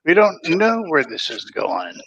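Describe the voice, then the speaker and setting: Gravelly, forceful-toned man; folksy rambling co-host of a casual book chat, dry close sound. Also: fairly high pitch, huge pitch swings, unhurried, highs cut off. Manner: loose, rambling, folksy, with frequent restarts. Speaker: podcast co-host.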